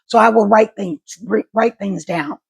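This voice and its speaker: Middle-aged woman vlogger, gravelly and husky, halting and repetitive, voice catches. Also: mid-range voice. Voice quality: voice catches and crackles when emotional. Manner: halting speech with repeated words. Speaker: stroke survivor vlogger. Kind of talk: casual talk to camera.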